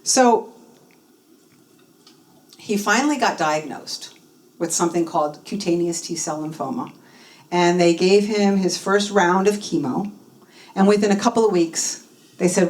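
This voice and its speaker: A woman giving a personal testimony talk at a spiritual center, telling her story in an animated way and acting out the dialogue. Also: lowish voice, measured pace, pauses often. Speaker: guest speaker. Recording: voice from a distance from the mic.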